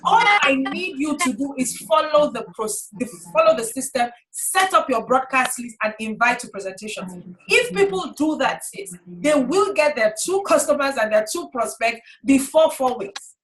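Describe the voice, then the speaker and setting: A woman leading a sales team training on a video call, lively and animated, repeating rallying phrases. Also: high voice, moderate pace, hardly any pauses, low-quality recording.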